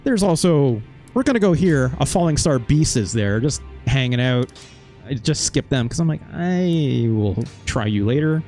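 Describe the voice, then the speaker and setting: A man's voice: mid-range voice, lively intonation, normal speed, darkish tone, faint music behind. Casual male gaming host, rambling recap, loose and profane, mid-range voice. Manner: rambling, swears casually, recaps with quoted asides. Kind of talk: casual let's-play commentary.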